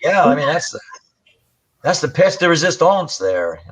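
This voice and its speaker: A man telling a paranormal case story as a guest on a live stream, animated and colorful. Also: a little high, normal speed, breathy edge. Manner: animated storyteller, imitates growls. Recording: muffled lo-fi stream audio.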